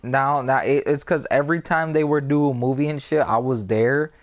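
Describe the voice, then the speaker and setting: A man's voice: medium pitch, moderate pace. Profane young man gossiping. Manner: profane, animated gossip with quoted voices. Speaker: gamer chatting on a live stream. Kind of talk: casual chat.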